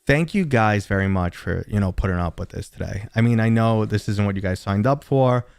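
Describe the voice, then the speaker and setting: Brief: low-pitched male streamer, chatty and rambling, dry close sound, home setup. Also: fairly quick, gravelly, darkish tone, dry recording. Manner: rambling, chatty, talks to viewers and his dog. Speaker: gaming livestream host. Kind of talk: casual livestream chat.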